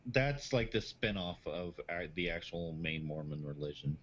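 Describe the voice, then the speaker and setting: Man, very deep voice, dull lo-fi call audio, laid-back. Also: expressive, moderate pace, a bit bright. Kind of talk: casual chat.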